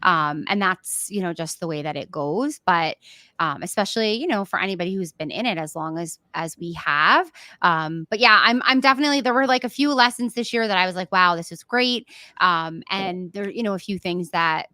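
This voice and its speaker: Middle-aged woman, teacher co-host; bright, emotional, chatty delivery, fillers throughout. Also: lowish voice, a little fast, no room sound. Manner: animated, emotional, many fillers. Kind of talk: casual chat.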